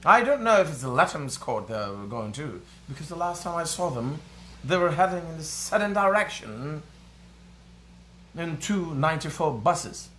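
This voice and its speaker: A man voicing a prim, proper-spoken English news critic with careful, formal enunciation and a measured, pompous newsreader delivery. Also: fairly high pitch, lively intonation, a bit bright, a little hiss or hum.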